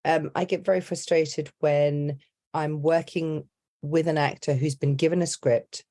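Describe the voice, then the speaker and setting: Woman, low voice, accent coach, animated, laughs easily, self-interrupting. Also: a little slow, no echo, clean studio sound. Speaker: accent and dialect coach, guest. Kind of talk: casual interview chat.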